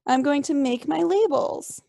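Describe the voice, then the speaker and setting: A woman's voice: high-pitched, measured pace, dark tone, dry recording, studio quality. Upbeat woman teacher talking to little kids. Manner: upbeat, clear and encouraging, talking to young children. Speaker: second grade teacher. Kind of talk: remote class lesson.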